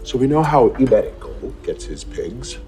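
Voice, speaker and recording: An actor playing a cold, manipulative male psychiatrist in a TV drama, speaking in a calm, measured way. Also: mid-range voice, faint music behind. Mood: cool. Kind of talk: TV drama dialogue.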